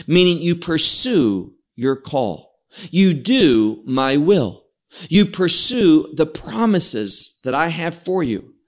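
A man teaching an evening Bible study, who explains the text verse by verse, cites Hebrew words and repeats key words for emphasis. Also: a little high. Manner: expressive, draws out key words and repeats himself.

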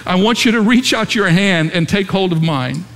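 A preacher voicing an earnest pleading vicar. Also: male voice, sits high, animated, normal speed, a bit bright, voice pushed up. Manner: pleading, insistent.

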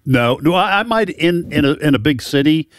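A man's voice: on the high side, lively intonation, normal speed, dry recording, clean studio sound. A man co-hosting a casual talk show with wry, teasing remarks. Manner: wry, teasing, laughs often.

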